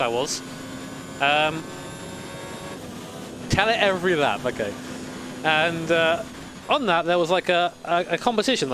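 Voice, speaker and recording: A man's voice: on the high side, background noise. Chatty sweary guy in his late twenties. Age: late 20s. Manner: chatty, swears freely, rambling anecdotes. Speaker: sim racing streamer. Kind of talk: casual live-stream chat.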